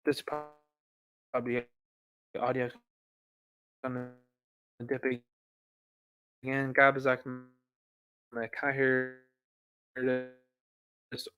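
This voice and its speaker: A man's voice: mid-range voice, completely flat delivery, extremely slow, pauses often, bright, forceful tone. An Irish man hosting an online commentary show, rambling and opinionated as he reacts to posts and talks straight to his viewers.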